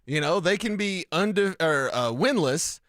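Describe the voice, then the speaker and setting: A man's voice: a little high, lively intonation, unhurried, a bit bright, dry recording. A man from Colorado co-hosting a sports radio show, breaking down plays in a chatty, joking way in a studio. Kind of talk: casual sports talk radio. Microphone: studio microphone.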